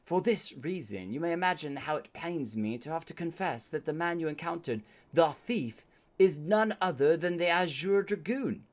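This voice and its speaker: Man putting on an older male knight, mentor, solemn, formal, put-on English accent, raised pitch, lively swoops. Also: normal speed, close to an everyday voice. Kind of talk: reading game dialogue aloud.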